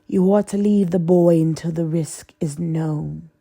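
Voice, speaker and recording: A woman voicing a cold, sinister male dark lord who hisses his orders in a low, menacing voice. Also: steady tone, measured pace, vocal fry.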